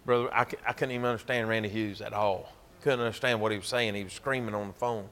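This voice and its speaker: A man's voice: on the low side, fairly even intonation, quick pace, a bit bright. A man with a Georgia Southern accent, preaching a sermon as a pastor and telling a story in a folksy, emphatic way. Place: church.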